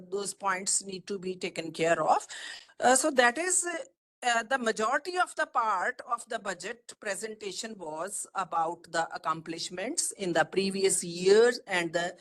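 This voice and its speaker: A woman with an Indian English accent giving a formal webinar presentation over a video call, listing points in a measured way with frequent fillers. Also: mid-range voice, fairly bright tone, rough recording. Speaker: webinar speaker, economist.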